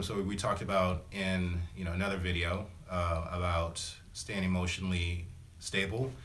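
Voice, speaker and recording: A man's voice: deep voice, fairly bright tone. A man, a spiritual self-help vlogger, talking casually and rambling, with lots of slang fillers and small acted-out voices for his examples. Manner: acts out little voices for examples. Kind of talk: casual motivational talk to camera.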